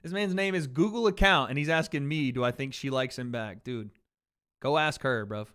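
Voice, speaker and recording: A man's voice: mid-range voice, moderate pace, fairly bright tone, clean tone. A man hosting a livestream watch party, riffing on chat in blunt, profane casual commentary. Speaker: livestream host.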